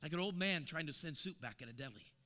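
A man preaching an impassioned sermon as an evangelist, repeating words and building to loud, emphatic peaks. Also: fairly high pitch, animated, quick pace. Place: church sanctuary. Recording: long church reverb.

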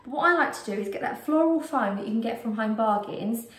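A woman's voice: a little high, lively intonation, fast. A British woman vlogging a casual shopping haul at home, chatty and rambling with frequent ums, a bit out of breath. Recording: roomy echo, distant mic.

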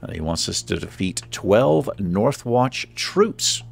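Gravelly, lively-voiced gaming host. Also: male voice, lowish voice, takes it slowly. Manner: chatty, thinks aloud, self-deprecating. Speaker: let's play host. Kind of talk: casual gameplay commentary.

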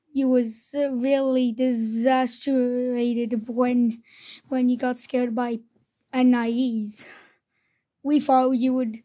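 A woman voicing characters in a homemade toy-figure play video, speaking haltingly with fillers and restarts. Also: high voice, warm tone. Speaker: creator voicing all the characters.

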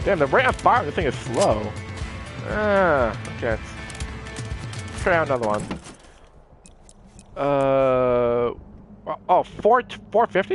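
A young-sounding man narrates his gameplay in a casual let's-play, his voice pitched high and swinging wildly as he gets excited. He talks goofily and playfully lectures the game's characters, with faint game music behind him. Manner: excitable, goofy, mock-scolds game characters. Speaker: gameplay commentator.

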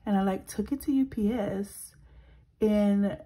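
A woman in her thirties chatting casually as a budgeting vlogger. She talks softly, slips into whispers while counting cash and rambles when she vents. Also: mid-range voice, measured pace, slightly rough, rough recording. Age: 30s. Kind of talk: casual vlog chat.

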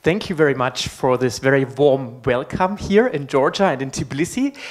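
A man's voice: medium pitch, animated, normal speed. A man from Germany with a German accent gives a public university lecture in English through a microphone, friendly and joking, with frequent ums and uhs. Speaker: guest lecturer. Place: university hall. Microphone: amplified microphone.

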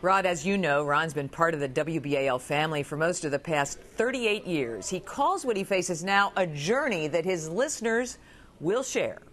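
A woman with a low voice reports for television news. Her delivery is measured and composed, in a steady news cadence.

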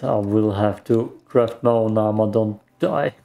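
A man's voice: lowish voice, unhurried, gravelly, warm tone. A man mutters casual gameplay commentary to himself while he plays, with some mild swearing. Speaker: gaming streamer.

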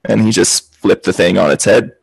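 Male podcast host, husky and gravelly, rambling casual football chat on a video call. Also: fairly low pitch, normal speed, dry recording, poor audio.

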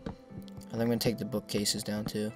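A young man giving casual, self-mocking commentary over his own gameplay, chatting to viewers and breaking into excited outbursts at the game. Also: on the low side, moderate pace. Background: background music.

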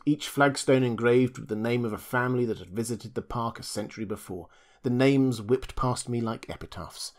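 A man narrating a first-person audiobook in a measured, reflective reading. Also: mid-range voice.

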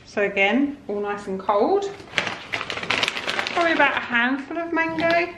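This vlogger has a high voice with lively intonation, speaking a little slowly and pausing often. She chats casually while filming a homely, rambling vlog in her kitchen, where the sound echoes and background noise comes through clearly.

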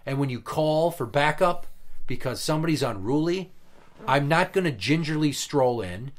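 A man's voice: on the high side, lively intonation, moderate pace. Blunt, profane man venting. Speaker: podcast guest telling work stories. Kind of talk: casual podcast chat.

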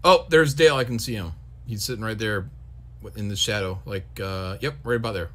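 A man co-hosting a casual comic review stream, trading jokes and quick asides. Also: fairly low pitch, pushed and bright. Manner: joking banter, quick asides. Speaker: co-host. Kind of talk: casual chat on a livestream.

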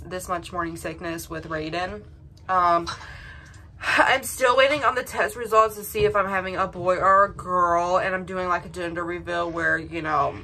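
A woman's voice: lowish voice, bright, forceful tone, slight background noise. A young woman chatting casually to her vlog audience, rambling and emotional with lots of fillers and restarts. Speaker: vlogger.

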